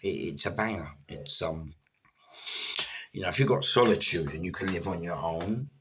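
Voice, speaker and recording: A man's voice: low voice, animated, normal speed, noisy background. A middle-aged man, telling stories about his past in a rambling, casual way and often stuttering and repeating words. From London. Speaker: former prisoner telling stories. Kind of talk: casual storytelling.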